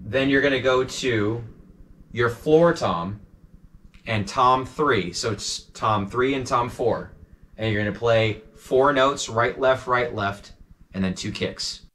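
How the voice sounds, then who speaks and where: A man's voice: medium pitch, a bit bright, slight background noise. Casual male drum teacher. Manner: casual, checks in with frequent "okay?"; counts beats and sticking slowly aloud. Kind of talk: instructional walkthrough.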